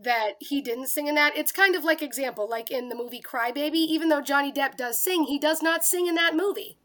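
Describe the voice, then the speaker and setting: A woman's voice: sits high, a little fast, pushed and bright. A woman co-hosting a chat podcast, talking in a chatty, upbeat, rambling way. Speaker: podcast co-host. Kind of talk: casual chat.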